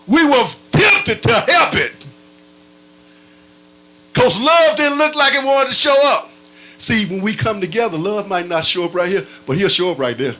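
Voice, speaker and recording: A man preaching a sermon in a playful, animated way, his pitch swinging up and down and sometimes breaking into barking sounds. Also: a little hiss or hum, low-quality recording.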